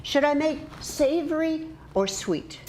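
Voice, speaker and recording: A woman's voice: high-pitched, lively intonation, takes it slowly, darkish tone, a little hiss or hum. An older woman acting a sarcastic friend with dry, teasing humor in a TV drama.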